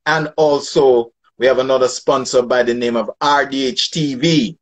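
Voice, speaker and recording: A man hosting a casual interview, giving friendly shout-outs in street slang. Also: medium pitch, fairly even intonation, moderate pace, poor audio. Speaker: interview host.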